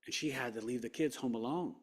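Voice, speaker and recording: A man's voice: mid-range voice, fast talker. A man as an interview guest, earnestly recounting a personal story and acting out what people said. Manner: earnest, animated, acts out quotes.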